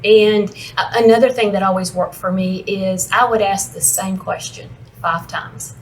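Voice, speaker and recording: A woman's voice: medium pitch, steady tone, measured pace, slight background noise, low-quality recording. A woman speaking as an interview guest, earnest and agreeable, often restarting her words as she explains. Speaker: operations controller, interview guest. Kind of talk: casual interview chat.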